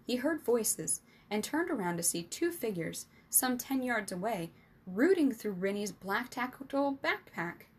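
A woman storyteller reading a children's adventure novel aloud in a steady, expressive narration. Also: mid-range voice, slightly rough.

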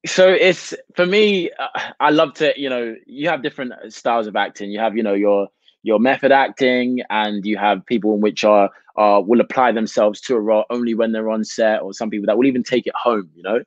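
A British man, an actor, talking through his craft at length in a relaxed interview, with frequent "you know" fillers. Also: on the low side, a little fast, no echo, highs cut off. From United Kingdom. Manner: expansive, reflective, many "you know" fillers. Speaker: actor, guest. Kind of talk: casual interview chat.

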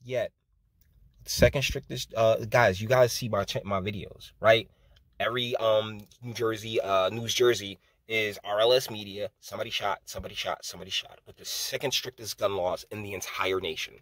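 A man's voice: fairly low pitch, steady tone, normal speed, fairly bright tone, dry recording. A man hosting his own channel, ranting in political commentary with profane, scornful heat.

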